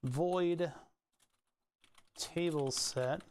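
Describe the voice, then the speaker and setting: Chatty man, fairly high voice. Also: drawn-out words, a little mellow, a little hiss or hum. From Pennsylvania, USA. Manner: thinks aloud, rambling with restarts and asides. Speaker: live-stream host. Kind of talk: casual live-stream coding chat.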